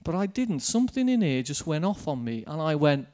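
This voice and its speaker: Guy preaching, chatty storytelling sermon, laughs a bit, slightly higher voice. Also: a little fast, few pauses. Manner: lively storytelling, chuckling, addressing congregation. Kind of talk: sermon with personal anecdote.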